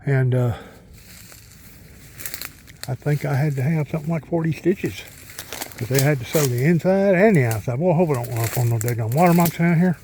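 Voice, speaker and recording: Out in the countryside beside a pond, a middle-aged vlogger walks and rambles folksily, chatting to his dog. His fairly high, dark-toned voice runs a little fast with frequent pauses, over slight background noise.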